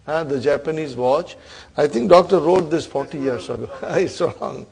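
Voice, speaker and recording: A man's voice: a little high, normal speed, creaky, darkish tone. A man teaching an Arabic grammar class, quizzing his students and checking in with a "huh?" between points. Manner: questioning students, frequent "huh?" and laughs.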